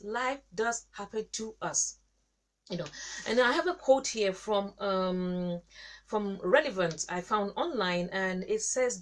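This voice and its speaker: A woman hosting a show, giving a devotional teaching talk, repeating herself and pausing with fillers. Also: medium pitch. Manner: repetitive, halting, with many fillers. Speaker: show host and Christian teacher.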